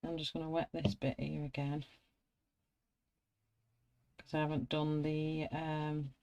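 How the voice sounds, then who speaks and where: A middle-aged British woman with a notably low voice chats in a relaxed, friendly way. She narrates each step of her colouring as she goes. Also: slow pace, dull audio. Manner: chatty, self-narrating, friendly. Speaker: colouring artist. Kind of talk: casual chat while colouring.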